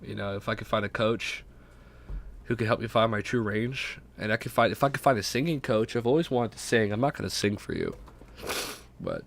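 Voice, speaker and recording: A man's voice: fairly low pitch, vocal fry, fairly bright tone. A young man with a stuffy, sick voice rambling casually and profanely on his own podcast late at night. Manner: rambling, self-deprecating, profane. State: sick, congested. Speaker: podcast host. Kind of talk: casual solo podcast talk.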